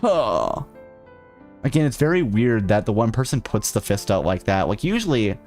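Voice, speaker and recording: A man's voice: fairly low pitch, very animated, normal speed, a little mellow, soft background music. A man streaming a video game, joking and ranting sarcastically while reading the on-screen text aloud. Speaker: VTuber streamer. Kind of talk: casual let's-play commentary.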